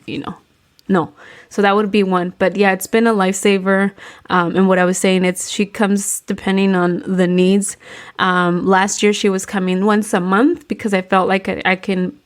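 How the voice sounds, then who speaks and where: A woman co-hosting a casual podcast chat, rambling and hesitant, with a few Spanish phrases. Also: mid-range voice. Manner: rambling, hesitant, many fillers and restarts, some Spanish phrases. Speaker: podcast co-host.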